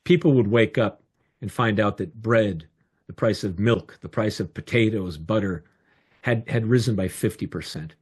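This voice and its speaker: An older man tells a personal story with an animated, expressive delivery. His voice is low and slightly husky. The sound comes from a home video call microphone. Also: normal speed.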